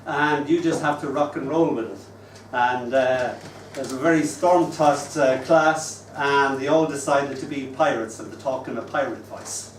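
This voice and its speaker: A man in his sixties hosting an open mic and reading his poems with wistful, gentle humour. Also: medium pitch, measured pace, slight background noise. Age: 60s. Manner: wistful, gently humorous storytelling. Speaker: poet and open mic host. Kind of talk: live poetry reading. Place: live open mic venue. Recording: roomy room, distant mic, faint ambience.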